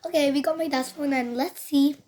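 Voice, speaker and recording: A young girl from Australia chatting excitably in a casual vlog, often stumbling over words. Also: high voice, fairly quick. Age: child. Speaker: vlogger.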